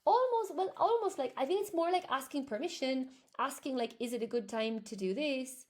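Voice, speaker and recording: A woman's voice: high voice, moderate pace. A young Irish woman teaching English on a live stream, chatting as she answers viewers' comments. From Ireland.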